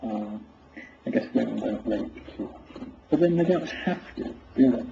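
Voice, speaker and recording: A man's voice: mid-range voice, lively intonation, normal speed, gravelly, dark tone. A man in an online voice chat, answering a rant with dry, sarcastic teasing. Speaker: voice chat participant. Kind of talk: casual mocking chat. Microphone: computer mic in voice chat. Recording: roomy, dull lo-fi voice chat with faint hiss.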